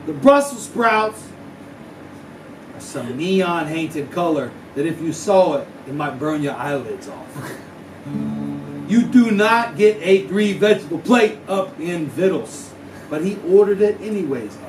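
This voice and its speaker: A man's voice: a little high, big pitch swings, unhurried. A man telling a hyperbolic, slang-heavy comic story at a live house show, with a drawling delivery. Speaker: musician telling a story on stage. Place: small house-show venue. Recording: echoey room, far mic, live music. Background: guitar.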